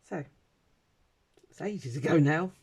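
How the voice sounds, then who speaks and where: Husky and a little mellow, her voice sits low. This middle-aged woman with a British English accent vlogs at her home craft desk, rambling through a casual chat with lots of ums and uhs.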